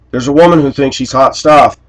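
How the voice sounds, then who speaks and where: A man delivering a rambling personal monologue to camera, blunt and aggrieved, often clearing his throat. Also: medium pitch, moderate pace, poor audio. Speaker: vlogger.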